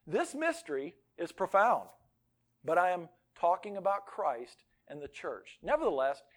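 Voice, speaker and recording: A man delivers a sermon in a high, lively voice. He swings between loud outbursts and near-whispers and slips in self-deprecating jokes. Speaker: pastor.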